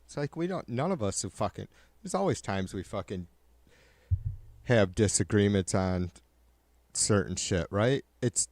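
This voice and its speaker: A man's voice: on the low side, expressive, unhurried, long pauses, a little mellow, no room sound. A man hosting a livestream in casual chat, swearing constantly and ranting heatedly to his viewers. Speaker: livestream host.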